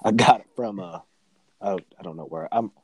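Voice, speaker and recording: A young man in casual podcast chat who rambles and swears freely. His voice sits fairly low and is recorded dry and close, with no room sound. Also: moderate pace, breathy edge, dry recording. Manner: crude, profane, rambling.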